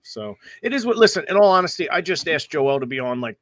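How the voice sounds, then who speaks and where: Man, podcast host, loose and excitable, cussing casually, dry close mic. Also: a little high, fast talker, no room sound. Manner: animated, swears casually. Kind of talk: casual chat.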